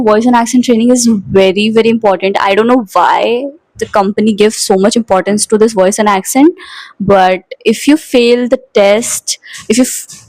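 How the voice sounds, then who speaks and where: A woman's voice: a little high, darkish tone, no echo, rough recording. A young woman in her twenties with an Indian English accent, chatting casually to her vlog viewers and slipping Hindi words into her English. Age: 20s. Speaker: vlogger. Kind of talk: casual chat.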